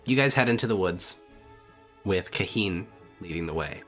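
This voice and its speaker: Man, game master, low voice, casual scene narration, filler-heavy. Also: lively intonation, normal speed, a bit bright, soft background music. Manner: casual, descriptive, many fillers like "um" and "like".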